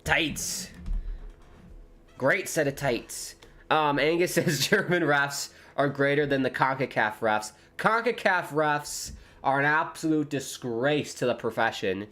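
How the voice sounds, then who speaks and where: A man's voice: fairly high pitch, expressive, measured pace, few pauses. Chatty man commentating a football stream. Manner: chatty, jokey, reads viewer comments aloud, gets loud at chances. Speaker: streamer hosting a football watchalong. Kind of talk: casual live commentary and chat. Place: home with dogs nearby.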